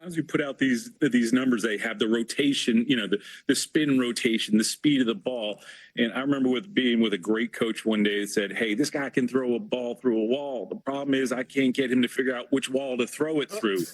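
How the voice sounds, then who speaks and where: A man's voice: medium pitch, fairly even intonation, brisk, dry recording, poor audio. A man talking casually and rambling about football prospects at a press conference. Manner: rambling, conversational.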